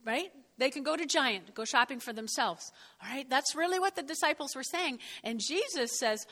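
A woman's voice: high-pitched, animated, moderate pace, a bit bright, long reverb tail. A woman reading a Bible passage and explaining it in a conversational way. She often asks "okay?" and acts out the lines she quotes. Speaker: Bible teacher.

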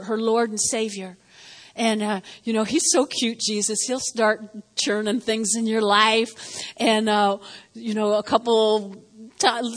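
A woman pastor delivers a sermon in a high voice, swinging between soft asides and loud exclaims. She tells stories with laughter and an animated, lively delivery.

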